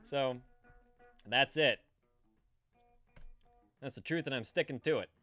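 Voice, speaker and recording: A man's voice: mid-range voice, slow pace, bright, forceful tone, no room sound, faint music behind. A man hosting a casual live-stream call-in show, rambling and profane, stammering and restarting as he chats with viewers.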